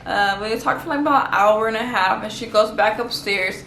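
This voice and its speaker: A woman's voice: mid-range voice, normal speed, fairly bright tone, slight background noise. Chatty storytelling woman, echoey room. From Los Angeles. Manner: chatty, slangy, heavy use of "like". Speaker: vlogger. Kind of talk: casual storytime.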